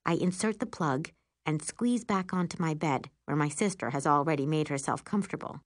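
A woman narrating a first-person children's story in an expressive, animated way. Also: low-pitched, normal speed, no echo, studio quality. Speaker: audiobook narrator.

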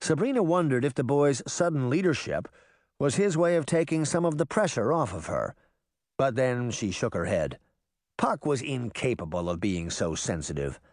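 A man's voice: moderate pace, dry recording, clean studio sound. A man reading a children's fantasy novel aloud as a scripted audiobook, telling the story expressively. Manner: expressive storytelling, varied pitch.

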